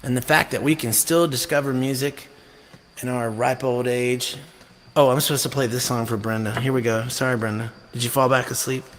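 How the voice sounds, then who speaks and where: A man's voice: medium pitch, steady tone, normal speed, noisy background. A man hosting a music live stream, rambling and joking irreverently between songs, with some mild swearing. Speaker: singer-songwriter and live-stream host.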